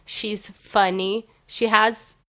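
A woman co-hosting a podcast in casual chat, enthusiastic and quick to agree. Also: medium pitch, level tone, fairly bright tone. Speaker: podcast co-host.

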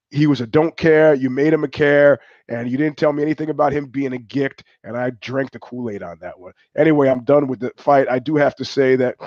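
The dull, dry, lo-fi audio carries an older livestream host's medium-pitched, somewhat dark voice without echo. He delivers a casual monologue that wanders, swears, and drifts off topic.

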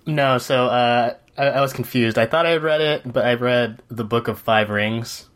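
A young man co-hosting a podcast, talking in a relaxed, thoughtful way and hedging his points. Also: medium pitch, moderate pace. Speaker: podcast co-host. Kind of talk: casual chat.

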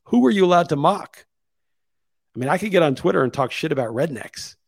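A man's voice: fairly high pitch, expressive, a little fast, vocal fry, dry recording. A man hosting his own podcast, delivering a casual opinion monologue and thinking aloud, pushing his voice up to stress key points. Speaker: podcast host.

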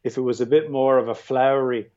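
A man's voice: medium pitch, fairly even intonation, fast talker, darkish tone, highs cut off. An Irish man, a guest on a podcast, talking through films thoughtfully with many restarts and "you know"s. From Ireland. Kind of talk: casual film discussion.

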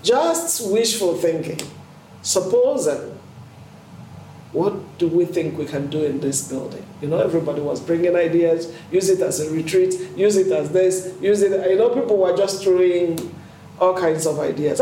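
A woman's voice: lowish voice, moderate pace, a little hiss or hum. A middle-aged woman from Nigeria with a Nigerian accent, a nun earnestly recounting events in an interview. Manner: earnest, animated when quoting others. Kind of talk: interview storytelling. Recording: roomy sound from a distant mic.

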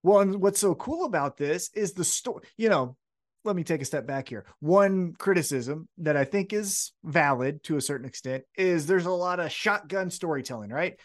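A man in relaxed podcast conversation, chatty and swearing freely. His pitch moves in wide, lively swings as he retells moments. He sounds like a co-host recapping last night's show for a friend. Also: normal speed. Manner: chatty, recaps with acted-out quotes and profanity. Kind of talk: casual wrestling chat.

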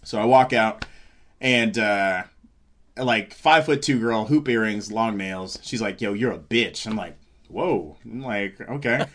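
A man's voice: lowish voice, a little slow. A man chatting casually on a podcast, telling a long story with acted-out quotes and plenty of swearing. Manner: animated storyteller, acts out quotes, swears freely. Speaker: comedian guest.

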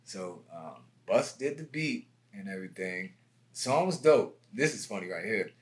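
A man, a music producer being interviewed, telling stories in a casual, lively way and acting out other people's lines. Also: lowish voice, a little slow. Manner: animated, acts out quotes with raised voice.

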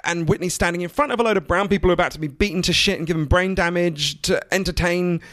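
A man, an author, chats in an animated, profane, self-interrupting flow. His voice sits a touch higher than most men's. The sound is dry and close. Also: quick pace, dry recording. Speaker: author and guest. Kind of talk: casual conversation.

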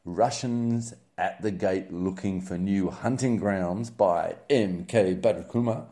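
Wry, low-voiced man reviewing the news. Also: takes it slowly, warm tone. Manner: wry, sarcastic, filler-heavy rambling. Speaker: news commentary host. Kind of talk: casual spoken news roundup.

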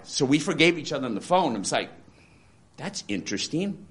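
A man's voice: fairly high pitch, big pitch swings, fairly quick. Rambling man in his sixties. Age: 60s. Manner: rambling, repeats and restarts, wry dark humor. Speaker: interviewee. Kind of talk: candid personal testimony. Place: support center.

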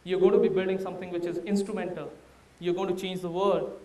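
Indian guy giving a startup talk, fairly high voice, sounds far off in a big echoey room. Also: level tone, quick pace, warm tone. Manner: candid, anecdotal, advising. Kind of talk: conference talk to an audience. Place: large room before a live audience.

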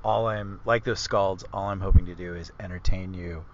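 A man's voice: sits low, steady tone, normal speed, lo-fi sound, slight background noise. A man hosting a casual book discussion podcast, rambling and correcting himself as he explains with enthusiasm. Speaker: author and podcast host.

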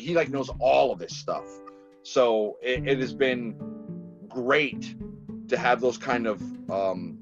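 A man chats loosely on a podcast, telling stories with plenty of laughter. His pitch sits in the middle range. The audio sounds a bit dull and lo-fi, with faint music in the background. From Massachusetts. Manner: animated storyteller, laughs often. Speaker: filmmaker guest. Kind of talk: casual podcast chat.

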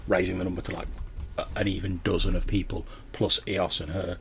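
A man's voice: deep voice, level tone, a little fast, gravelly, a little hiss or hum. A man running a tabletop game as game master, narrating loosely with many fillers and restarts.

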